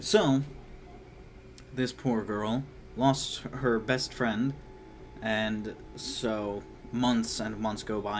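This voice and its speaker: A man's voice: fairly low pitch, slight background noise. A young man giving a casual spoken book review, chatty with lots of fillers, sometimes acting out characters in a raised voice.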